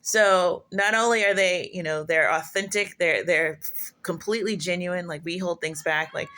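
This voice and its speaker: A woman with a fairly low voice muses aloud about spiritual things in a loose, casual monologue. She rambles and leans on fillers like "like" and "you know." She often stops to restart or correct herself. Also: moderate pace, bright, forceful tone. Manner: musing, self-correcting storyteller. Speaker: prophetess sharing spiritual musings.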